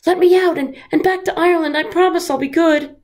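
A woman voicing a talking snake that pleads in high cries and later hisses slowly as a sea monster. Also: very animated, gravelly, breathy edge, exaggerated voice. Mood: panicked pleading. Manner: shrill pleading cries, then slow hissing.

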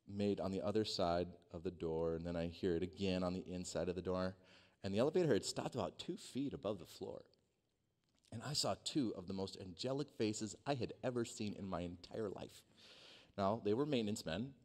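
A man preaching a sermon, telling a personal story in a dynamic way that swings from hushed to loud. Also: lowish voice. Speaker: pastor. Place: church sanctuary.

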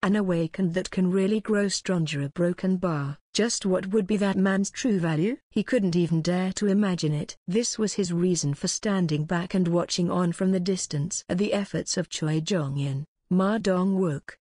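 Low-voiced woman reading steadily. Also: normal speed, hardly any pauses, mellow, no room sound, clean studio sound. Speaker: audiobook narrator. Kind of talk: scripted narration.

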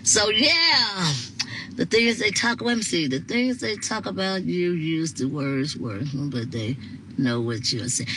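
Bright, chatty woman laughing. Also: on the low side, animated, takes it slowly, a little hiss or hum, poor audio. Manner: chatty, laughs often, talks back to comments. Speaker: live-stream host reading viewer comments. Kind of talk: casual chat to viewers. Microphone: phone.

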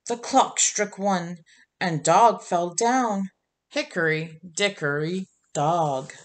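A woman reading a children's picture book aloud in a gentle, expressive storytelling manner. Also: lowish voice, slow pace. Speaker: storybook reader.

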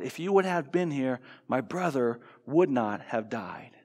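A man's voice: fairly high pitch, big-room sound. An American man preaching a sermon, earnest, asking rhetorical questions and restarting phrases as he goes. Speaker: pastor. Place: church sanctuary.

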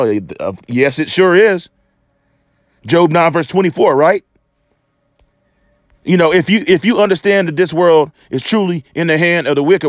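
A man's voice: a little high, dry recording, studio quality. A man ranting to camera in a preachy, scornful way, quoting scripture and rambling with restarts. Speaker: religious commentator. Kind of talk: off-the-cuff rant to camera.

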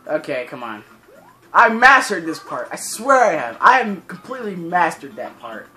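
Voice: medium pitch, big pitch swings, moderate pace, pushed and bright, faint music behind, rough recording. A teenager hosting a let's play, commentating while playing and breaking into frustrated, swearing rants. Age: teens. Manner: swearing, ranting frustrated outbursts. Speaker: gaming channel host.

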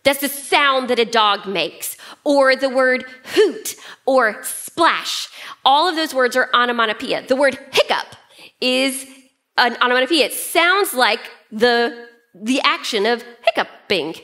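Woman pastor, mid-high voice, lively playful preaching that acts out its examples. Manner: animated, playful teaching with acted-out examples. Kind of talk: sermon.

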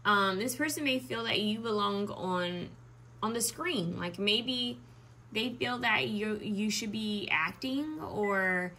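Tarot reader, young woman, mid pitch, thinks aloud in stops and starts. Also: pushed and bright, slight background noise. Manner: musing, halting, with many restarts and ums. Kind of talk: pick-a-card tarot reading.

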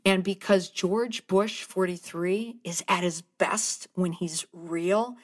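A woman's voice: lowish voice, fairly even intonation, slow. A woman hosting a podcast, giving conversational and heartfelt commentary and sometimes choking up. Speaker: podcast host and communications speaker.

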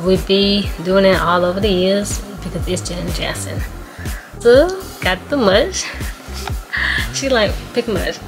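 A young woman from Atlanta tells an excited, chatty vlog story and calls her viewers "y'all". Her voice sits at a middle pitch. Clear music plays behind her the whole time. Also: unhurried. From Atlanta, USA. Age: 20s. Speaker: vlogger.

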